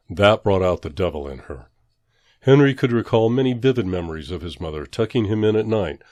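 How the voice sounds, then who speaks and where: Low-voiced man reading horror fiction. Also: a little mellow, dry recording. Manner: measured, dramatic reading. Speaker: storyteller. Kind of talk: scripted horror narration.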